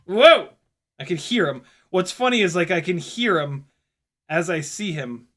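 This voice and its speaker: A young man giving casual running commentary while flying a drone, excitable, often exclaiming and laughing, swearing casually. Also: fairly high pitch, moderate pace. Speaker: FPV drone pilot and video host.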